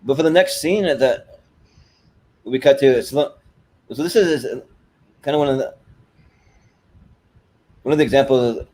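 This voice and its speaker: A man's voice: mid-range voice, moderate pace, pauses often, a little mellow. A man co-hosting a casual podcast, rambling through scene retellings with lots of restarts and "like". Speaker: co-host.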